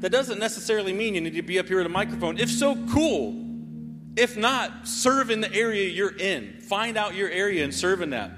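A man's voice: sits high, brisk, over music. A man in his forties from North Carolina giving a sermon testimony, telling his story with lots of "right?". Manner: animated storytelling with frequent "right?". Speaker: preacher. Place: church sanctuary. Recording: long hall reverb.

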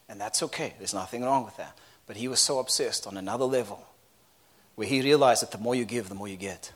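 A man preaching a sermon in an animated, conversational way, often laughing and asking the crowd questions. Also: lowish voice, a little fast.

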